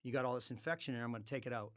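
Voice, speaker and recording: A man at a middle pitch for his sex, spinning a long tale in a relaxed podcast chat. He swears freely and slips into the voices of the people in his story as he goes. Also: very fast. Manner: animated, acts out quoted dialogue, swears freely. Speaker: podcast guest. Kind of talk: casual storytelling.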